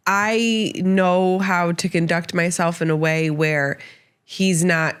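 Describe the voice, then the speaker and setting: A woman's voice: fairly low pitch, steady tone, slow pace, smooth. Thoughtful woman co-hosting a chat podcast. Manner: thoughtful, explains herself at length. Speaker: podcast co-host. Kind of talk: casual chat.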